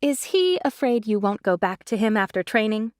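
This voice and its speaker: A woman's voice: mid-range voice, very animated, normal speed, dry recording, natural voice. Teasing young recruit girl, woman reading, plain mid voice, dry.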